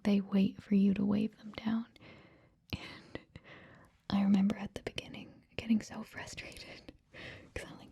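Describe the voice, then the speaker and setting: A young woman, rambling in a breathy ASMR whisper close to the mic, drifting along with many ums. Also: mid-range voice, mellow, dull audio. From Canada. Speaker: ASMR creator. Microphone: close ASMR microphone.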